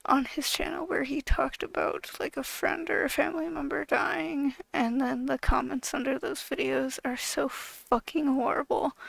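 Woman YouTuber, casual rant, exasperated, swears a lot, heavy vocal fry, very dry close sound. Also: sits high, dry recording, low-quality recording.

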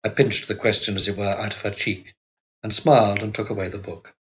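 Guy reading an audiobook, lowish voice, steady and measured, kinda muffled sound. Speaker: audiobook narrator. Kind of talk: scripted narration.

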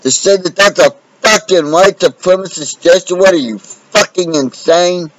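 A man's voice: high-pitched, normal speed, low-quality recording. A man from the United States delivering an unscripted, combative monologue full of profanity. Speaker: vlogger.

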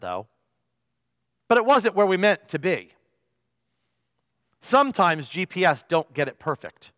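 A man's voice: fairly high pitch, a bit bright, dry recording, studio quality, long reverb tail. A male pastor preaching a sermon, telling stories with emphasis and stretching out the key phrases.

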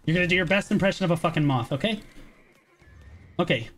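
A man's voice: a little high, fast, a bit bright, slight background noise. A man calling the shots in a team game over voice chat, urgent and commanding, repeating every order and swearing. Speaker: guild shotcaller.

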